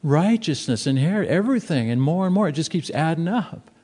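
Pastor, male, mellow tone, casual emphatic preaching. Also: fairly high pitch, fairly quick, husky. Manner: conversational preaching, emphatic and animated. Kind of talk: sermon.

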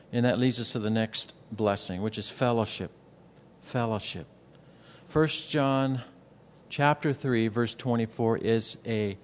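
A man's voice: mid-range voice, darkish tone, big-room sound. A man preaching a sermon as a pastor, earnest and emphatic, asking rhetorical questions and repeating words for stress.

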